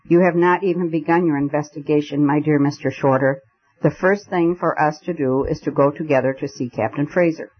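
A man reading the lines of a calm, eccentric gentleman who speaks with emphasis and deliberation, on a dull lo-fi recording. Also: fairly high pitch, brisk, natural voice.

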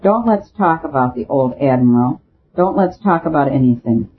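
Weary priest detective with a soft, grave delivery, husky tone, tinny phone-like sound, as a male reader puts him on. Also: mid-range voice, animated, moderate pace.

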